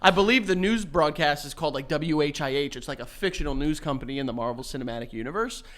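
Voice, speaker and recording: A man co-hosting a podcast in casual, joking, excitable chat. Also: a little high, fast. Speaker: podcast co-host.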